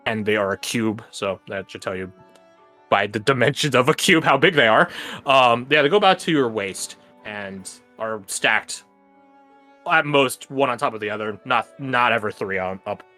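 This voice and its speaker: A man's voice: fairly low pitch, sharp tone. A man running a tabletop game as game master, describing the scene in a casual, rambling way full of filler words.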